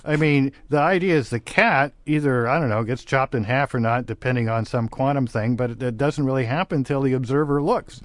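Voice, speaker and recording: A man's voice: mid-range voice, brisk, few pauses, no echo. A man co-hosting a radio talk show who talks in a playful, musing way. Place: radio studio.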